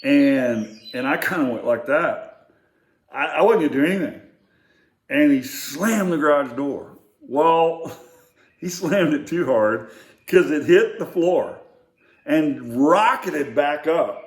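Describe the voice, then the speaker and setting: An older man casually telling family stories, in a rambling, halting way with many fillers and restarts. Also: on the high side, lively intonation. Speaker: storyteller. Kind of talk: casual storytelling. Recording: echoey room.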